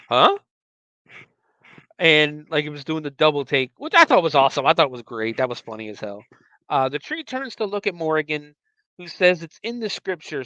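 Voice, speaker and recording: A man's voice: fairly high pitch, fairly bright tone, dry recording, highs cut off. A man hosting a podcast, recapping a movie in a casual, rambling way with many fillers and self-corrections. He acts out the characters' lines along the way. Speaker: podcast host.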